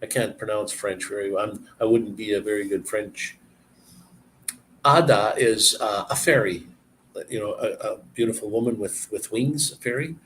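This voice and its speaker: A man chatting casually and explaining words, halting and searching for words as he goes. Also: on the low side, fairly bright tone, slight background noise. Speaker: person explaining language to a visitor. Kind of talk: casual chat.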